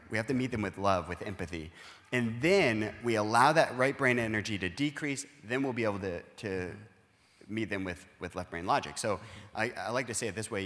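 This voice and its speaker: A man's voice: fairly low pitch, a bit bright, in a large hall. A man speaking as a pastor in a conversational sermon, earnestly explaining and acting out everyday dialogue. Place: church auditorium.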